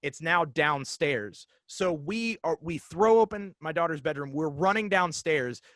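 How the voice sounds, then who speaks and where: A man in his forties, a podcast guest, telling a story casually and haltingly with many fillers and restarts. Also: on the high side, expressive, a bit bright, no room sound.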